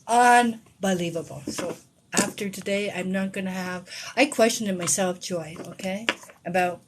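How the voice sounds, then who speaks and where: A middle-aged woman and tarot reader telling a personal story to her viewers, shifting between hushed whispers and excited outbursts. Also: medium pitch, normal speed, noisy background.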